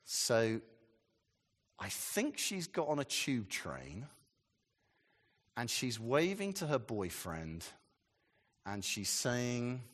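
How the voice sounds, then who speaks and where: A man with a medium-pitched, slightly bright voice preaches very slowly, with long pauses and huge swings in pitch. His sermon is conversational and rambling, packed with asides and questions for the congregation, all heard through a hall's long reverb.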